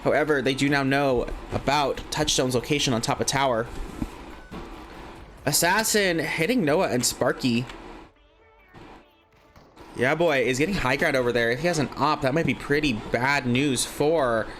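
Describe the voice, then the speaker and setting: A man casting a live online game tournament, giving chatty, excitable play-by-play and thinking aloud with questions. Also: mid-range voice, normal speed, pauses often, faint music behind. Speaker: esports caster.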